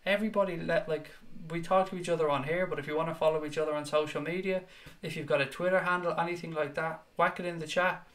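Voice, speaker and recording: A man's voice: a little high, steady tone, fast, fairly bright tone. A young man hosting a live fan chat show, talking casually with viewers and reading their comments aloud in a blunt, sweary way. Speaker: livestream chat show host.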